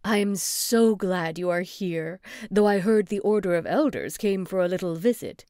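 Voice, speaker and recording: A woman voicing an eccentric, bossy older witch aunt who speaks slowly and theatrically in an audiobook. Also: lowish voice, dark tone, no echo, clean studio sound, close to an everyday voice. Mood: imperious.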